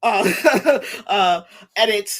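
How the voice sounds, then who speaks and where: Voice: medium pitch, lively intonation, very slow, fairly bright tone. The host of a casual interview chat, who laughs easily and keeps nodding along with short replies.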